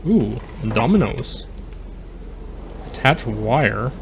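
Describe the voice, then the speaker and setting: Very slow and expressive, this gravelly mid-range male voice belongs to a let's play host chatting casually over his gameplay. He talks to his live chat, jokes around and tries out mock accents for laughs. A little hiss or hum runs under the recording.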